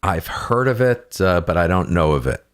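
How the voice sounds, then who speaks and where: Deep-voiced good-humoured American host. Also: male voice, expressive, moderate pace. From United States. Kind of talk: casual podcast chat.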